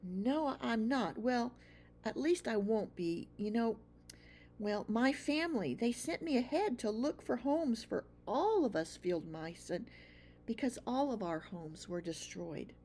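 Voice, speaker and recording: A woman's voice: fairly high pitch, animated, a little slow, slight background noise. Woman doing a shy stammering field mouse. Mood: hesitant. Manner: quiet, hesitant, stammering. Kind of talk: children's storybook reading.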